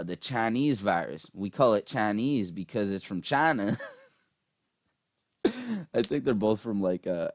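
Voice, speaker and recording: A man's voice: low-pitched, darkish tone, no echo. A man ranting casually about politics, profane and rambling with lots of fillers, tired after a long day. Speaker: political commentary vlogger.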